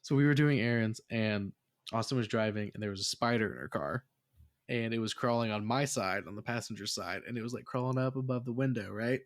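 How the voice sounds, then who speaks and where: Man telling a story with animated swears. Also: mid-range voice, fairly quick. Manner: animated storytelling, heavy swearing, laughs often. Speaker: podcast host. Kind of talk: casual chat.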